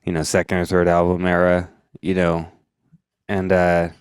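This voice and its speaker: A man's voice: low-pitched, monotone, normal speed, smooth, no room sound. A man chatting casually about music, rambling with many fillers and laughing easily.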